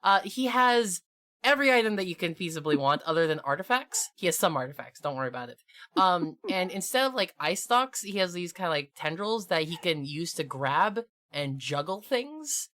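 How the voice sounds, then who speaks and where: A woman's voice: lowish voice, sing-song, moderate pace, a bit bright. A woman co-hosting a gaming podcast, chatting casually and enthusiastically, full of "like" fillers. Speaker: podcast co-host and game master. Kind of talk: casual chat.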